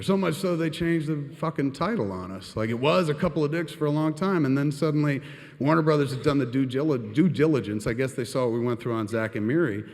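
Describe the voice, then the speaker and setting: Man, live stage storytelling, rambling, profane, mid-pitched, long hall reverb. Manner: rambling, profane, peppered with "and shit". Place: stage in a venue. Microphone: handheld microphone.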